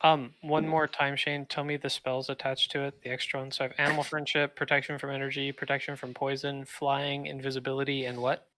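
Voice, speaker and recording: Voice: mid-range voice, flat delivery, a little fast, few pauses, pushed and bright. A player in a tabletop game, chatting casually and joking with the group.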